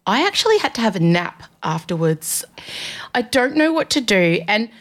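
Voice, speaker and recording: A woman's voice: mid-range voice, sing-song, moderate pace. A chatty woman hosting her podcast from a studio, her voice sitting in an ordinary middle register. She runs through casual, self-mocking stories in a loose comedic monologue. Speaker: podcast host.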